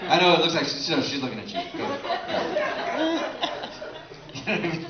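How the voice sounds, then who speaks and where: A man's voice: on the high side, animated, a little fast. A man doing a loose, profane stand-up set, chatting with the crowd and laughing often. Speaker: stand-up comedian. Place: comedy show at a bar venue. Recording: echoey room, distant mic, dull sound, audience laughter. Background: audience laughter.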